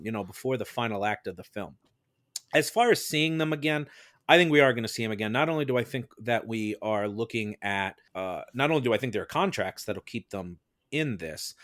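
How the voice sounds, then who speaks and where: A man on a podcast, arguing his case in a measured, explanatory way and building it step by step. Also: mid-range voice, fairly bright tone, no echo, studio quality. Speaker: defense advocate on a mock-trial film podcast. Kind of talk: casual podcast debate.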